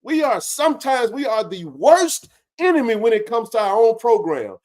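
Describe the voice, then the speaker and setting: A man's voice: very high voice, very animated, normal speed, darkish tone. A man hosting a casual sports talk show, ranting passionately and swearing freely about his team's fans.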